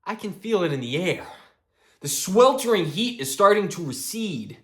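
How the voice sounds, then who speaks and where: A man's voice: high voice, very animated, normal speed, fairly bright tone. A man talking in a loose, chatty vlog about metal and horror, laughing and swearing as he tells stories. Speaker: metal music vlogger. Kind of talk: casual rambling vlog.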